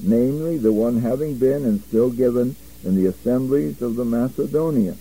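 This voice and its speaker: Guy teaching a bible class, husky voice, pitch bounces around a lot, reads verses word by word then explains. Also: warm tone, low-quality recording. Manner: reads verses in stiff literal wording, then explains emphatically. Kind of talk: apologetics course lecture.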